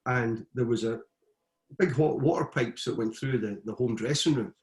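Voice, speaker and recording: A middle-aged man, telling stories from his football career in a casual, animated way as an interview guest. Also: medium pitch, normal speed, echoey room. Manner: anecdotal, animated retelling with frequent restarts. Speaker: guest, former footballer and coach. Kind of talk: casual storytelling.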